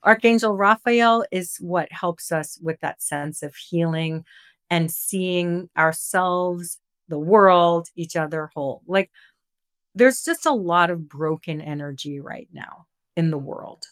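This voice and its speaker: A woman leading an online spiritual group session, gentle and affectionate, with many fillers. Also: on the low side, takes it slowly, no room sound, studio quality.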